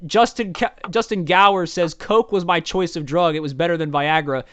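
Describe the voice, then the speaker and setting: A man's voice: a little high, moderate pace, clear, resonant tone, no echo. A man co-hosting a livestream talk show, chatty and jokey as he reads out viewer comments. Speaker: podcast co-host. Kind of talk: casual livestream chat.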